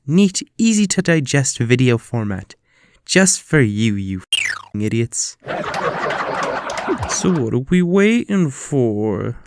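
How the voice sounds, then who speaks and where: A man's voice: medium pitch, background noise. A man hosting a comedy video, delivering a profane, over-the-top rant of mock outrage. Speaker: comedy YouTuber host.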